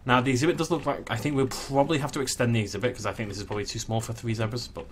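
A man's voice: medium pitch, steady tone, racing, hardly any pauses, a little hiss or hum. A young man giving casual commentary as he plays a zoo game, chatting and cooing at the animals. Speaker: gaming channel host.

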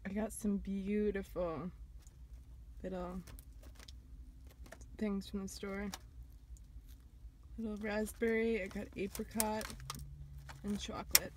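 Woman host for a food vlog, chatty and giggly, mid-pitched, steady noise and passing cars behind. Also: takes it slowly, pauses often. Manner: chatty and giggly, dips to soft whispers. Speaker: mukbang host. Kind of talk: casual eating-show chat.

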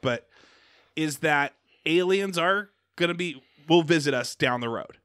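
A man co-hosting a casual podcast chat, rambling and animated with many restarts. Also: on the high side, normal speed, dry recording. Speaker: podcast co-host.

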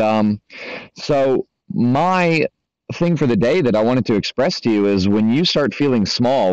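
A man's voice: lowish voice, darkish tone, no echo. Casual man talking spiritual growth, lo-fi. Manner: loose and conversational, heavy fillers and swearing. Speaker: spiritual coach. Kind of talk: casual spoken monologue. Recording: dry, slightly dull lo-fi audio.

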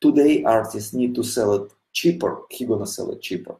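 A man with a Russian accent talks to his viewers in a live broadcast from a studio. His low voice has a gravelly edge, and the echo of the room hangs around it. He speaks earnestly and keeps his voice down. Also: normal speed. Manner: earnest, impassioned non-native English with frequent "you know"; speaking quietly so a child can sleep. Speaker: studio representative addressing viewers. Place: home studio.

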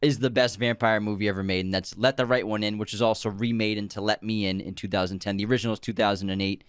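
A man's voice: fairly low pitch, steady tone, fast, clear, resonant tone, no echo. A man co-hosting a podcast in casual chat, joking and laughing often. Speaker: podcast co-host.

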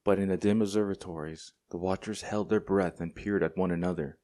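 A male audiobook narrator with a very deep voice, reading a classic story aloud. His delivery is measured and deliberate. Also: fairly even intonation, dark tone. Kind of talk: scripted narration.

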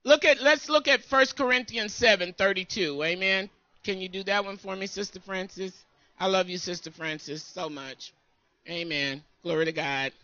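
A woman co-pastor preaching a sermon in an emphatic call-and-response style, often pausing for her congregation to answer. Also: medium pitch, fairly even intonation, bright, forceful tone, dry recording, lo-fi sound.

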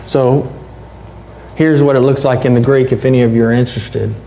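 Folksy pastor, mellow voice. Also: male voice, medium pitch, fairly even intonation, normal speed, gravelly, a little hiss or hum. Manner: conversational, folksy, rhetorical questions. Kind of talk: sermon. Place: church.

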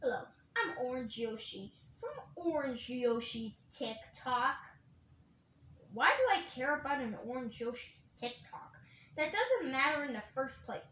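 A woman's voice: high voice, expressive, a little slow, pushed and bright, a little hiss or hum. A woman narrating an improvised toy battle, playful and switching into silly voices for the toys. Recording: roomy echo.

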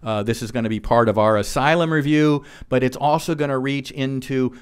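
A man giving an earnest policy presentation to a live audience in a room, reading quotes aloud and pausing on frequent fillers. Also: medium pitch, fairly even intonation, smooth. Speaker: policy speaker.

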